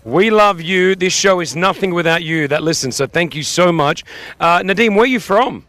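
A man's voice: high-pitched, a bit bright, no room sound, faint music behind. A man hosting a radio breakfast show, chatty and punning as he runs a quiz with a caller. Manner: chatty, jokey, quick with puns. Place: radio broadcast set up in a museum.

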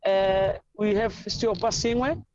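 A woman's voice: mid-range voice, fairly even intonation, takes it slowly, darkish tone, muffled recording. A South African woman football coach answering interview questions in an effusive, rambling storytelling way.

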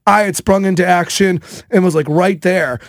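A man in his thirties hosting a podcast, telling a casual story in an animated way, with many fillers. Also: sits high, moderate pace, no echo, studio quality. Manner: animated, filler-heavy with frequent "like". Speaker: podcast host.

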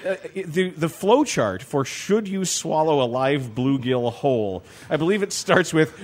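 A man's voice: on the high side, animated, measured pace. A man co-hosting a sports radio show, cracking dry jokes in a temporary studio. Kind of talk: casual radio banter.

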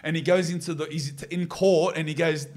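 A man co-hosting a casual podcast chat, relaxed and agreeable, using local slang. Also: on the high side, fairly quick. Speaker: podcast co-host.

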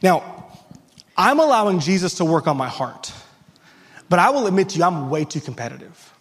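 A man's voice: sits high, sing-song, moderate pace, in a large hall. A man preaching a sermon as a pastor, in a conversational, self-deprecating way that is full of restarts.

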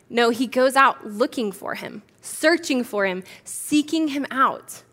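A woman's voice: sits high, a little slow, hardly any pauses, a bit bright. A young adult woman preaching a sermon, telling the story with energy and acting out the characters' voices. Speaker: pastor.

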